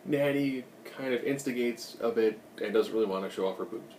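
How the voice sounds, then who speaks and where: A man's voice: medium pitch, a little fast, a little mellow, far from the mic, slight background noise. Chatty man recapping a show, echoey room. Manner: chatty, rambling, joking asides. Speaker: recap host. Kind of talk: casual TV recap.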